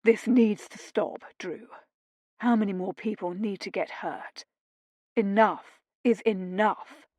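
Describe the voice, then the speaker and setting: A woman voicing a remorseful aristocratic duke who speaks quietly and pleads. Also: medium pitch, fairly even intonation, takes it slowly, no echo.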